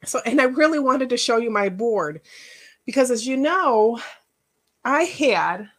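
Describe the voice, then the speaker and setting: A woman's voice: on the high side, expressive, measured pace, a bit bright. A middle-aged woman, a life coach, giving a casual workshop talk in a chatty, personal storytelling way with rambling asides.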